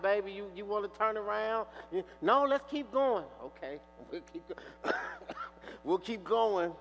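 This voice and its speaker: Man preaching, acts out every line of the story, voice jumps all over, bit of hall echo. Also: sits high. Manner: animated storyteller, acts out dialogue. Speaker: pastor. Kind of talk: sermon with storytelling. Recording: reverberant hall with faint mains hum.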